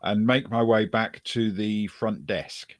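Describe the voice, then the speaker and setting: A man playing a tabletop game, describing his character's actions with pauses. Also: lowish voice, fairly even intonation, no room sound. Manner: slow, pausing, describing actions. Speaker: player.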